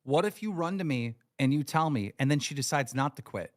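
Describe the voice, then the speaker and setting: A man's voice: mid-range voice, lively intonation, fairly quick. A man hosting a livestream, delivering an angry, profane, emphatic rant. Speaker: livestream host.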